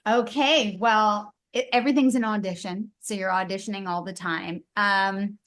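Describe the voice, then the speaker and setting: A woman voice actress chatting casually as an interview guest, bubbly and quick to giggle. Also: medium pitch, steady tone, fairly bright tone.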